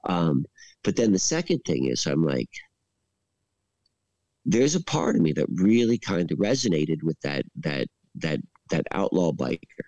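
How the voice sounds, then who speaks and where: A man's voice: sits low, no echo. A man telling a long, rambling story in casual chat, full of fillers, laughing as he goes. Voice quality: rambling, heavy use of "like". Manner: animated, laughs while telling. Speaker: podcast storyteller.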